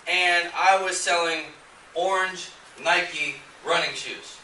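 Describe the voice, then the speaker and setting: A man's voice: high voice, pushed and bright, a little hiss or hum. A man presenting a sales seminar who gets fired up and keeps quizzing his live audience. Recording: echoey room, mic at a distance.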